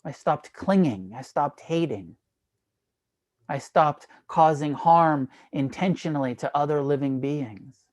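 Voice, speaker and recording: Calm serene male Buddha as voiced by a man, soft, steady, unhurried. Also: fairly high pitch.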